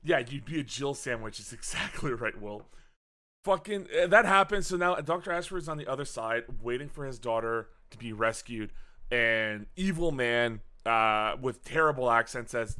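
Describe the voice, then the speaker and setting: A man's voice: mid-range voice, fairly quick. A young adult man hosting a podcast, retelling a movie plot in a casual, profane, jokey way with lots of restarts. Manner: animated, profane, jokey storytelling with frequent restarts. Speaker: podcast host recapping a movie. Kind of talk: casual chat.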